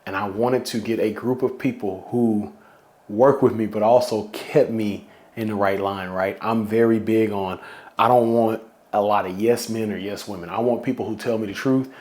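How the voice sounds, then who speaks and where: On his own podcast, a man speaks conversationally and with deep feeling, sometimes nearly getting emotional. He has a lowish, slightly mellow voice with a steady tone and talks at normal speed.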